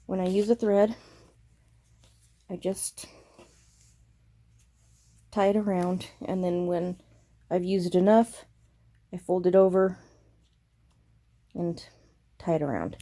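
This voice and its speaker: A woman vlogging casually about her cross-stitch progress, with a throaty, flat voice and a self-deprecating, apologetic, rambling way of talking. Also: fairly low pitch, takes it slowly, pauses often. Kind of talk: casual show-and-tell chat.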